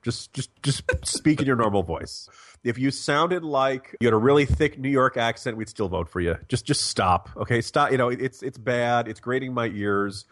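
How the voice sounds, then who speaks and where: A man's voice: mid-range voice, moderate pace, a bit bright, no echo. A man from New Jersey, a guest commentator in a casual political chat, talking sarcastically and repeating words for comic effect.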